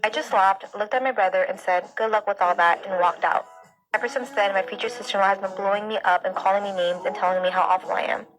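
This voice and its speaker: A woman's voice: medium pitch, steady tone, fast, music in the background, low-quality recording. A young woman telling stories in a casual, chatty way, full of filler words, for an ASMR channel. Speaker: storytime ASMR creator. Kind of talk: casual storytelling.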